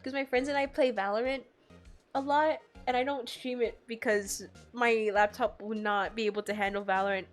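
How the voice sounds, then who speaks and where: Giggly, high-voiced game streamer. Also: female voice. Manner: giggly, chatty, greets viewers by name. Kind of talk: casual live-stream chat and game reading.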